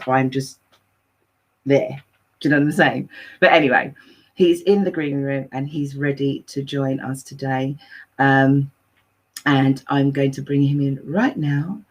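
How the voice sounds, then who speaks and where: A chatty, effusive host running a live online interview show, rambling a little while introducing the guest. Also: medium pitch. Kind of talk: lively live-stream chat.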